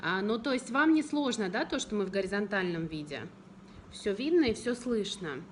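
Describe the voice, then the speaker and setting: A woman with a Russian accent hosts a live-stream interview as an English teacher. She talks in a lively way and fires quick questions at her guest and viewers. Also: medium pitch, slight background noise.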